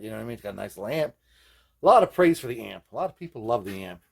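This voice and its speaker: Hosting a guitar repair video, a man talks fast and loose in a medium, creaky voice with big swings in pitch. It's casual hands-on workshop chat, rambling and profane, stuffed with fillers, "man" and "you know what I mean," and he laughs at his own jokes.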